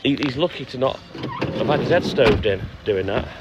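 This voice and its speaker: A man's voice: mid-range voice, animated, normal speed, muffled recording, heavy background noise. A man chatting casually and bantering with viewers on a live stream from his delivery van, swearing now and then. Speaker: milkman streamer. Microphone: phone live stream. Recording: music playing clearly behind.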